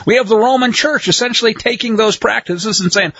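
Emphatic, husky-voiced man preaching. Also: high voice, a little fast, pushed and bright, no echo. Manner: emphatic, sarcastic asides. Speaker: Torah teacher. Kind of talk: sermon. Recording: dull, husky, dry audio.

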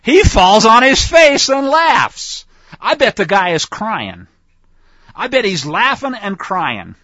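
A man's voice: high voice, very animated, takes it slowly, bright, forceful tone, no room sound. A man teaching through a Bible passage in a folksy, conversational way, with asides to his listeners. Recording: dull lo-fi dry recording.

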